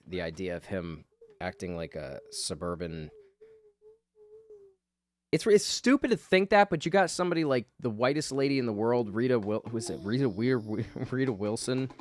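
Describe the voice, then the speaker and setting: A man's voice: lowish voice, lively intonation, moderate pace, long pauses. A man giving rambling, self-deprecating voice-over commentary on his drawing, swearing casually. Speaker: artist, channel host.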